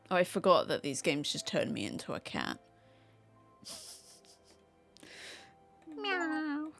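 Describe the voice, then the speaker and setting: A woman's voice: low-pitched, gravelly. A woman streaming a casual game from home, chatting playfully and talking to the cats on screen. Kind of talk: casual gameplay commentary.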